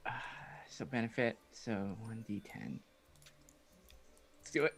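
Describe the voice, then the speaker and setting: A tabletop game player casting spells and counting dice aloud, deliberate in pace. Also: medium pitch, big pitch swings, gravelly, music in the background. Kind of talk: casual tabletop game chat.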